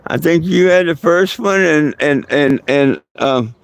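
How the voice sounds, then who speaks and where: Slow, gravelly-voiced man rambling on a livestream. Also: fairly high pitch, dry recording. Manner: loose and meandering, many fillers and restarts, chuckles often. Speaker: livestream host. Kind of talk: rambling casual livestream chat.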